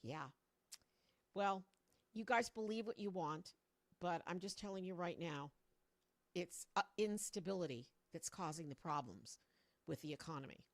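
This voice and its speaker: A woman's voice: lowish voice, unhurried, long pauses. A woman on a livestream ranting about politics into her microphone on a stand, rambling and mocking as she talks to her viewers. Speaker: political commentator streaming to viewers. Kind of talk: casual political rant on a livestream. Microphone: own microphone on a stand.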